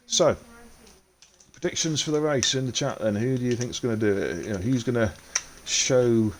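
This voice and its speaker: A man's voice: medium pitch, moderate pace, background noise. A man hosting a live sim racing stream, casually commentating and chatting in a laddish, informal way while reading out the chat.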